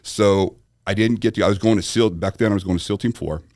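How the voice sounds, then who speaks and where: A deep-voiced podcast guest tells a war story in conversation, quick and animated, acting out the voices he quotes. The recording is dry and clean, with studio sound.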